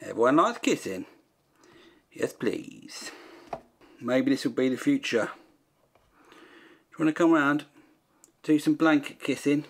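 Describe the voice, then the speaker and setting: Brief: man, comic painting host, dry jokey delivery, slightly high voice. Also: lively intonation, moderate pace, pauses often. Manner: dry, jokey, bickers with himself in asides. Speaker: host painting a copy of a famous artwork. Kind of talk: comic painting-along video.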